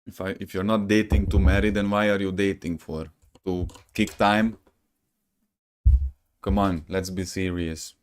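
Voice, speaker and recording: Rambling young man streaming, slightly low voice. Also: little pitch movement, measured pace, pauses often, clear, resonant tone. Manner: rambling, jokey, says "bro" a lot, bursts of laughter. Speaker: gaming streamer. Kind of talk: casual live-stream chat.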